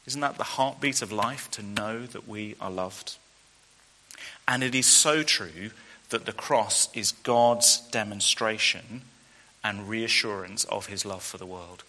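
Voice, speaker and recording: A man's voice: lowish voice, measured pace, bright, forceful tone. A man preaching a sermon to students, earnest and full of rhetorical questions. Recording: long hall reverb.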